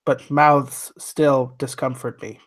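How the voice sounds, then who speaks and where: A man's voice: mid-range voice, flat delivery, slow, lightly acted. A man voicing an earnest, literal-minded male droid who talks in stiff, formal phrasing.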